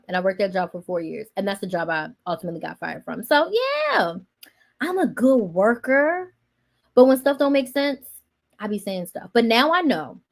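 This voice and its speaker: In a fairly high voice, the host of a relaxed conversation recounts something that happened to her with plenty of drama, alternating bursts of loudness with hushed side comments.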